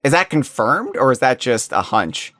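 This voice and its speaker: A man co-hosting a podcast in casual chat, talking in a rambling, animated way with many restarts. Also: mid-range voice, normal speed, dry recording, clean studio sound. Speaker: podcast co-host.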